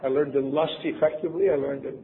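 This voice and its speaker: An older man from Wisconsin tells a personal story with wry, self-deprecating humor, speaking in a mid-range, steady voice at a quick pace. The recording sounds tinny and phone-like, with faint noise.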